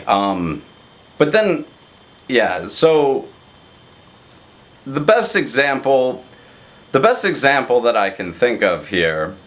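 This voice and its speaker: Halting man giving a slow toast. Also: mid-range voice. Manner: halting, with many fillers and restarts. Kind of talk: rehearsal dinner toast.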